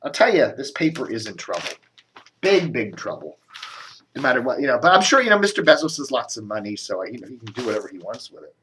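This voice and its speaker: A man's voice: medium pitch, sing-song, quick pace, fairly bright tone, a little hiss or hum. A man giving a casual, rambling media commentary, grumbling and sarcastic, with coughs and restarts. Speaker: media blogger doing a video commentary.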